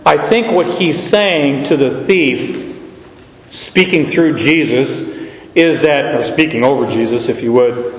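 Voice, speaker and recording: A man preaching in a church sanctuary, reading verses aloud and explaining them with slow, unhurried earnestness. His voice sits a little high for a man and rings out with a long, echoey reverb. It sounds as if it is picked up from a distance across a large room. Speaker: pastor. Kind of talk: sermon.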